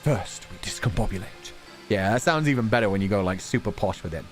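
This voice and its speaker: A man's voice: lowish voice, lively intonation, quick pace, soft background music. A man streamer in a casual chat, reading out donation messages, playful with words and swearing casually.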